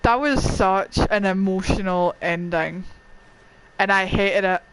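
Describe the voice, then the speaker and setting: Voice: medium pitch, slow pace, slight background noise, low-quality recording. A gamer giving let's play commentary, swearing and crying out in dismay at what happens on screen. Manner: excitable, swears, cries out in dismay.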